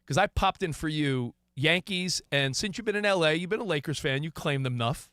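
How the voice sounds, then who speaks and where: A man hosting a sports talk radio show, telling a story in an animated way with quoted asides. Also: a little high, brisk, no room sound, studio quality. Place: radio studio. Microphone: studio microphone.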